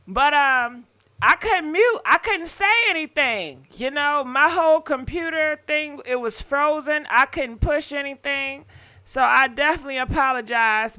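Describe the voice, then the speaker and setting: A woman's voice: high-pitched, sharp tone. A woman hosting a live call-in gossip show, chatty and apologetic, calling out to her callers. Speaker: host.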